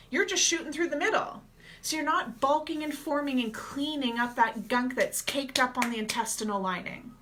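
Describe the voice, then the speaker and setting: A woman gut health coach gives advice directly to her viewers in a casual vlog. Her voice sits a little high and sounds bright and forceful. She keeps an energetic, chatty manner throughout.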